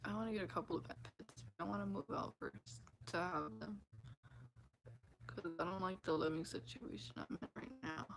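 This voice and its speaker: Her medium-pitched voice carries vocal fry, and the recording is rough. As a livestream host chatting casually with viewers, she laughs often, giggles, and performs people's quotes as she retells them.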